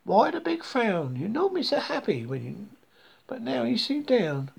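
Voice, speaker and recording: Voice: medium pitch, very animated, a little slow, gravelly, slightly rough, pitched above the performer's own voice, exaggerated voice. A reader voicing the mouse's loving wife in a children's storybook, soothing and affectionate.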